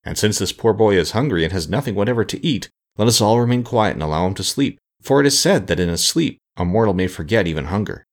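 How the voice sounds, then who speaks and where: A man voicing a kindly, wise male scarecrow king for a storybook reading, in a gentle, thoughtful manner. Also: on the low side, lively intonation, fast talker, hardly any pauses. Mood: soothing.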